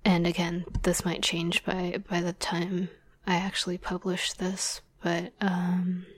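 A young woman talks about writing audio drama scripts in a soft, rambling whisper full of fillers and small laughs, as whispered role-play talk. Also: fairly low pitch, monotone, slow pace, slightly rough, dry recording.

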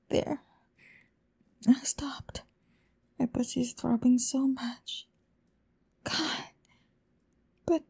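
A woman performs an intimate whispered role-play in a high, slow voice. Her tone is mellow and dark, roughened by vocal fry. She speaks breathily and pleadingly, sighing often. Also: level tone.

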